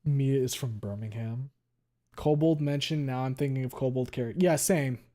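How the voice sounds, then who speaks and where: A male streamer chatting casually with viewers, talking quickly and running words together, with a lot of swearing. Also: mid-range voice, warm tone. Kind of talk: casual chat reading viewer messages.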